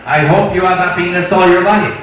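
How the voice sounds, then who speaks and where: A man's voice: high-pitched, fairly even intonation, brisk, heavy reverb, distant mic, muffled recording, a crowd in the background, close to an everyday voice. Man doing a rambling French Canadian pilot.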